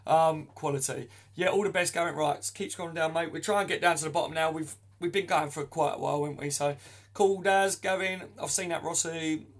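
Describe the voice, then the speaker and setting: A man's voice: fairly high pitch, fairly even intonation, brisk. A young man hosting a casual live stream, chatting, laughing often and reading out viewer comments.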